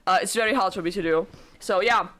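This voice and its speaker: A young woman giving casual, rambling let's-play commentary, excitable and full of swearing. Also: medium pitch, fast. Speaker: gaming YouTuber.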